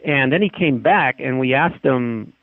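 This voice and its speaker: A man on a podcast telling a story in a casual, animated way, with frequent restarts, over a phone line. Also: medium pitch, unhurried, no echo. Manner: animated, acts out quoted voices, frequent restarts. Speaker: podcast guest. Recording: tinny dry phone line.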